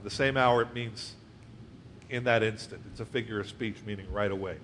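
Conversational preacher with faint hiss. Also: male voice, on the low side, steady tone, moderate pace, a bit bright. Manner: reads scripture aloud then explains it conversationally; asks the congregation questions. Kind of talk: verse-by-verse Bible teaching.

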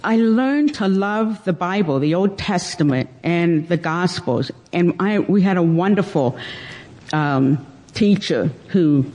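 Woman, church testimony, slow and hesitant, near tears, long hall reverb. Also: fairly low pitch, a little mellow. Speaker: church member giving testimony. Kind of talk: personal testimony.

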